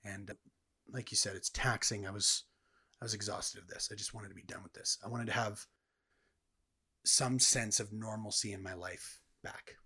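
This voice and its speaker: A man's voice: fairly low pitch, fairly even intonation, normal speed, sharp tone, husky. A man earnestly telling his personal testimony as a guest in a conversation. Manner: earnest, reflective storytelling.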